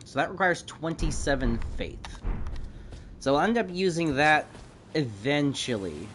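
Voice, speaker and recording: A man streaming a video game, commenting live, swearing and yelling at enemies, his voice a little hoarse. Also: a little high, measured pace, slight background noise. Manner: excitable, swears and yells at enemies. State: slightly hoarse, frog in throat. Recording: game music behind voice.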